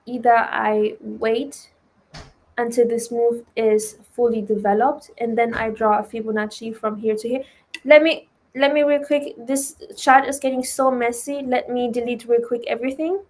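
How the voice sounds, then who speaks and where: Chatty German-accented woman, fairly high. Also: fairly even intonation, normal speed, darkish tone. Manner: chatty, fillers and "right?" tags. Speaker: trading stream host. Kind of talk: casual live-stream teaching.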